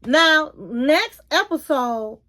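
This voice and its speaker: Woman vlogger, high voice, blunt and sassy, casual informal recap. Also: animated, extremely slow, pushed and bright. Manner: informal, colloquial phrasing. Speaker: YouTube reality TV commentator. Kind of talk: casual episode recap and opinion.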